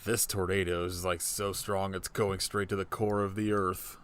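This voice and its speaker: A man's voice: low voice, little pitch movement, moderate pace, background noise. A man co-hosting a podcast, chiming in with dry joking asides in casual chat. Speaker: podcast co-host. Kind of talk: casual movie recap chat.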